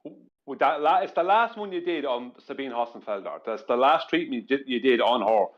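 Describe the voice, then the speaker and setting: A man on an online panel, telling stories in an animated way and laughing as he goes. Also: mid-range voice, brisk, lo-fi sound. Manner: animated, giggly storyteller. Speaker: panel guest. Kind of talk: casual panel chat.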